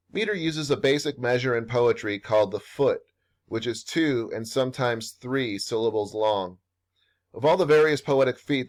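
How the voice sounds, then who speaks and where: A man, a professor, narrating a scripted workshop lesson in a measured, explanatory way. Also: mid-range voice. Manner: measured, explanatory, slows down for read-aloud examples. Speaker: professor leading a writing workshop.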